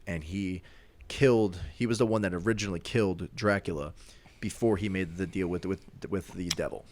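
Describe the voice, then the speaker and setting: A man's voice: low voice, brisk, slight background noise. A young man co-hosting a podcast, casually recapping a movie plot in a rambling way with many filler words. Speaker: podcast co-host.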